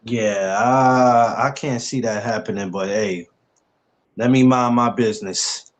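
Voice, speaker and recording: A podcast host with a medium-pitched voice runs a casual livestream, speaking slowly. He's easygoing, laughs a lot and greets his viewers.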